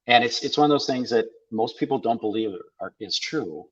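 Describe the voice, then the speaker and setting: Brisk and medium-pitched, with lively intonation and a slightly rough, bit bright tone, an older man from South Dakota, USA, guests on a podcast. The dull lo-fi recording catches him sharing wry anecdotes in casual talk, quoting people's lines back and forth.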